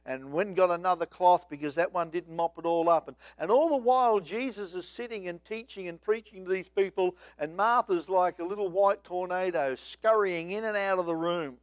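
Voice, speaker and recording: A man with a high voice delivers a sermon in a dry, close recording. He swings between hushed asides and loud, dramatic bursts as he acts out the story. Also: normal speed, few pauses, dry recording. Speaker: preacher.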